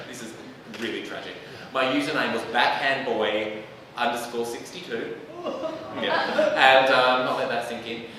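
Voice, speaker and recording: Sassy young Australian comedian in an echoey hall. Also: male voice, medium pitch, bright, forceful tone, slight background noise. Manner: self-mocking, sassy, hesitant with many ums. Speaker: stand-up comedian. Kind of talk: stand-up storytelling. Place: live theatre stage. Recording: echoey hall, mic from far off.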